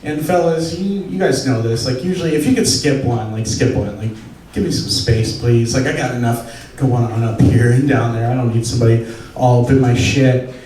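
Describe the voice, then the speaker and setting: A man's voice: mid-range voice, normal speed, warm tone, slight background noise. A young man doing a crude, self-deprecating, conversational stand-up set on a comedy club stage. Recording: echoey club, distant mic, audience laughter.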